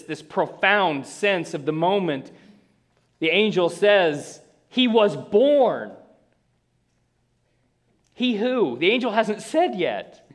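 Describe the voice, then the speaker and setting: A man preaching a sermon from the pulpit, his voice sitting a little high for a man. He lingers on important words and drops into slow, weighty phrasing, with the odd restart as he explains. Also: a bit bright. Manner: slow emphatic phrasing with pauses, small restarts. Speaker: pastor.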